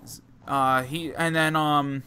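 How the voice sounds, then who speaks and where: A man's voice: fairly high pitch, steady tone, slow, pushed and bright, smooth. A man with a New Jersey accent telling wrestling-business stories in a loose, rambling way, full of fillers and restarts. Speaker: podcast co-host. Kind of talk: casual storytelling chat.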